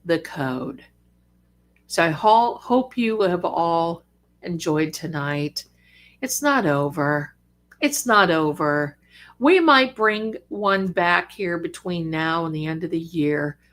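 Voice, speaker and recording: This is an older woman chatting on her own live stream. She is fond of her viewers and calls them darlings, and now and then she gets excited. Her voice sits a little low. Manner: bursts of lively excitement. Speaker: psychic livestream host. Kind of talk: casual live-stream chat.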